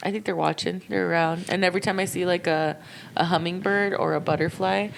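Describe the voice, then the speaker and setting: Woman with a low, gravelly voice. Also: fairly even intonation, a little fast, a little hiss or hum. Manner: storytelling, casual swearing. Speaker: podcast co-host. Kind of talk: casual chat.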